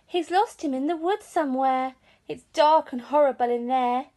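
A woman reading a picture book aloud to children in a lively, sing-song, expressive way. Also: high-pitched, moderate pace. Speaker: storyteller.

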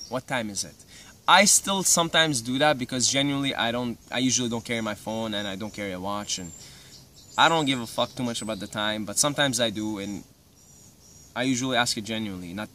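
A man's voice: medium pitch, bright, forceful tone. A young man from Syria giving casual advice in a laid-back, rambling way, full of "you know" and "right". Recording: slightly distant mic, faint ambient noise.

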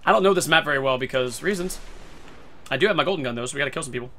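A man giving excitable gameplay commentary who swears a lot and breaks into sudden shouts. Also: medium pitch, rapid-fire, slight background noise. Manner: talks to himself and his teammates. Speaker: gaming video creator.

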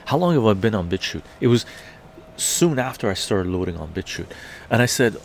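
A man's voice: fairly low pitch, very animated, brisk, creaky, slight background noise. A man telling a story in a heated, profane live-stream rant. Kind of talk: ranting live-stream monologue.

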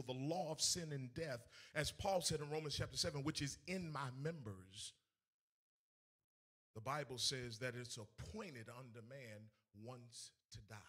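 A man preaching a sermon to a congregation, swinging between shouted, sing-song lines and hushed storytelling. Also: medium pitch, husky. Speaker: evangelist. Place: in front of a congregation.

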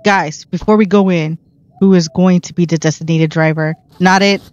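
A woman's voice: low voice, fairly even intonation, moderate pace, darkish tone, highs cut off. A woman giving casual, self-mocking commentary while she plays a video game, reacting aloud to what happens on screen. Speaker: gameplay streamer. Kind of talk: casual let's-play commentary.

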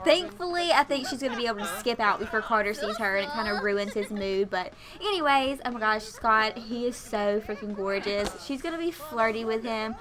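A woman's voice: on the high side, lively intonation, a little fast, few pauses, crowd noise. Chatty young woman gushing over a game. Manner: gushing, chatty, full of fillers. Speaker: let's play host. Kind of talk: casual gameplay commentary.

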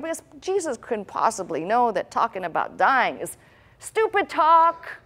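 A woman's voice: a little high, sing-song, unhurried, fairly bright tone. A woman pastor delivering a sermon in a conversational style, with rhetorical questions and asides.

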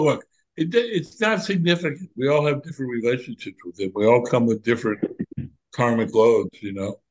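An older man, a former monk, reminiscing in a relaxed, candid conversation and telling animated stories. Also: medium pitch, poor audio. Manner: animated storyteller, candid and reflective.

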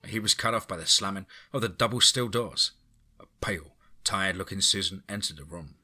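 A man narrating a horror story in a steady, even storytelling manner. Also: sits low, a little fast, slightly rough. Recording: faint music bed.

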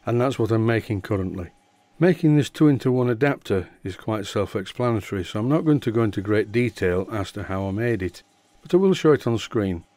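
Man, from northern England, low voice, dry close sound, methodical workshop voice-over. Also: a little fast, no room sound. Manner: calm, methodical explaining. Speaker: model engineering channel host.

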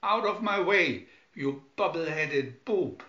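A man's voice: on the high side, sing-song, slow, pushed and bright, full character voice. A man voicing a pompous, cowardly doctor in a storybook reading, fussy and theatrical, recorded in an echoey, dull room.

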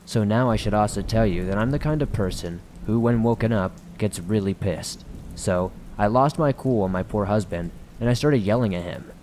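A man's voice: fairly low pitch, normal speed, a little mellow, slight background noise. A man hosting a horror story podcast, reading viewer stories in a casual, conversational scripted narration.

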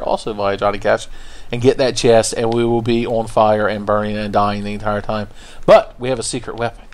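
A man hosting a let's play, giving crude, playful gameplay commentary full of swearing and jokes. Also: lowish voice. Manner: crude joking, profane, playful.

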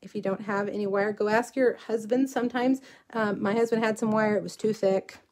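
A middle-aged woman hosting a live crafting tutorial, chatting casually as she colors and cuts. She narrates each step, drifts into side stories and talks straight to her viewers. Her voice sits at an ordinary middle pitch, picked up by a mic at her desk. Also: fairly even intonation, fairly quick, darkish tone. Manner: chatty, rambling asides while working. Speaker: craft demonstrator.

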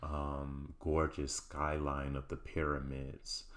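A man hosting a show, recapping a TV episode in a casual, halting way with many ums and restarts. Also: very deep voice, completely flat delivery, a bit bright. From United States. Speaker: show host reviewing a TV series.

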